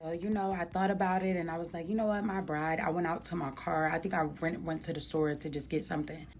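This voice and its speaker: A woman's voice: deep voice, little pitch movement, fast talker, slight background noise. A young woman earnestly recounting a painful personal experience in a heartfelt, colloquial way. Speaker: makeup artist. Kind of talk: emotional personal storytelling.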